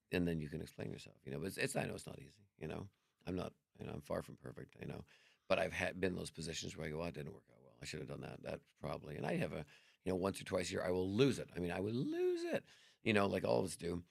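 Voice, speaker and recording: Middle-aged male guest, gravelly and raspy, quick animated storyteller, dry close sound. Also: low voice, no room sound. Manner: animated, acts out dialogue, swears freely. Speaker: podcast guest. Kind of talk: casual storytelling chat.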